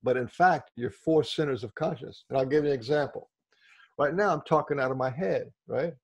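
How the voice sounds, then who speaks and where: A man's voice: medium pitch, fairly quick. A man speaking to a discussion group, explaining ideas and often checking in with listeners. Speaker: workshop speaker.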